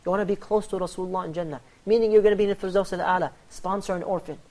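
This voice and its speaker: Guy hosting religious talk show, talks super fast, acts out the story voices. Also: sits high. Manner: animated storyteller, acts out quoted dialogue. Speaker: host. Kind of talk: religious panel talk on charity.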